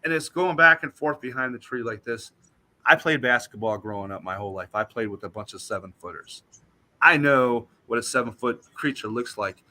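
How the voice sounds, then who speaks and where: A man, a guest on a talk show, telling a story in an animated, emphatic way. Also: mid-range voice, normal speed. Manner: animated, emphatic retelling that acts out what he said.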